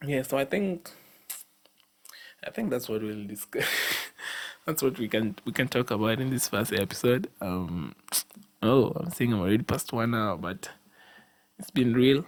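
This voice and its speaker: A man's voice: mid-range voice, animated, a little slow, long pauses. A young Kenyan man hosting a casual solo podcast, rambling and repeating himself as he exhorts his listeners, sleepy after a long day. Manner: rambling, repeats himself, frequent restarts and fillers. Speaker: podcast host.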